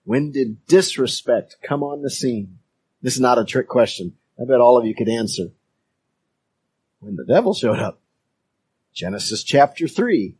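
A man preaching a sermon as a pastor, talking in a measured way with pauses and emphatic phrases. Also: medium pitch, darkish tone, slightly rough.

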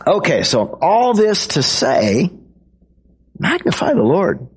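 A man's voice: a little high, wildly swooping pitch, slow, husky. Playful, chatty man preaching. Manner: conversational and playful, acts out kids' voices. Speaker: pastor. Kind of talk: sermon.

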